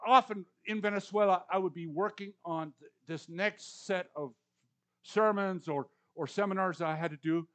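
A pastor in his sixties from the Canadian or US prairies delivers a conversational sermon, repeating words for emphasis and swinging between loud and hushed lines. He has a high voice and a moderate pace.

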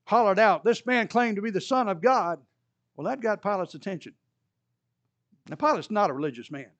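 A pastor preaches a sermon, telling scripture as a story and acting out the voices of its characters, his pitch rising as he quotes them. The audio is dull, with no echo.

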